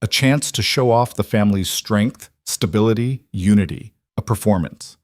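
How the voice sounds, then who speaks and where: A man giving scripted, measured, dramatic narration of a story. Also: lowish voice, no room sound, clean studio sound.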